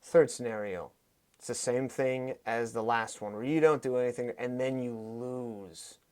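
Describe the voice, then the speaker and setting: A man in his thirties speaks as a podcast guest in an animated conversational way, with a pitch in the middle range. He tells stories with emphasis and speeds up in quick bursts. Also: smooth. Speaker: podcast guest, fight coach. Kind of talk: conversational storytelling.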